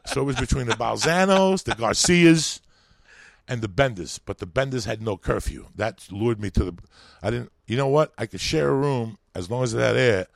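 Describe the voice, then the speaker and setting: A man's voice: medium pitch, moderate pace, gravelly, dry recording, studio quality. A man telling rambling, profane stories as a comedian guest on a podcast. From New York. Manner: animated, swearing, rambling.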